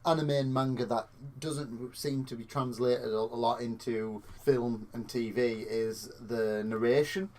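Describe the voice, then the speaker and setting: A man co-hosting a casual film review podcast, chipping in with short remarks and quick jokey asides. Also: medium pitch, steady tone, a little mellow. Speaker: podcast co-host.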